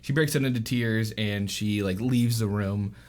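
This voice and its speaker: A man's voice: fairly low pitch, fairly even intonation, normal speed. A man narrating as game master of a tabletop game, rambling with lots of fillers. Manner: rambling, filler-heavy and giggly.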